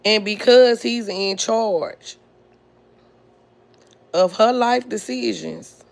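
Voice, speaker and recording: Indignant woman with a creaky voice. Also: medium pitch. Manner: blunt, indignant, drawn-out delivery. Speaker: podcast host. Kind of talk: heated personal storytelling.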